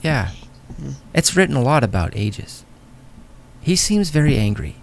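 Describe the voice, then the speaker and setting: Give me an animated man running a tabletop game, lively in pitch. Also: moderate pace, a little hiss or hum. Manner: animated, laughing, storytelling. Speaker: game master.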